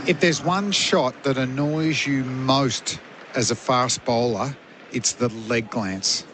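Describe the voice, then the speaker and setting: A middle-aged man, a former fast bowler as expert radio commentator, telling rambling anecdotes. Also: mid-range voice, background noise. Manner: chatty, rambling anecdotes with fillers.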